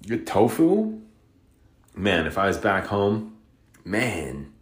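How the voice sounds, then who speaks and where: A man's voice: lowish voice, big pitch swings, takes it slowly. A man from Utah ranting alone on a podcast, frustrated and profane, rambling and repeating himself. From Utah, USA. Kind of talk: solo rant.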